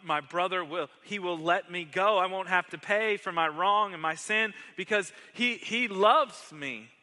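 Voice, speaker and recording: A preacher voicing a desperate younger brother. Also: male voice, high voice, unhurried, sharp tone, big-room sound, voice pushed up, exaggerated voice. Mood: hopeful. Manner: pleading and indignant.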